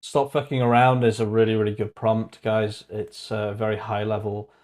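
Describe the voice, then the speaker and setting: A man's voice: lowish voice, monotone, normal speed, mellow. A man hosting his channel's livestream in casual chat, joking and laughing at his own jokes. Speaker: channel host.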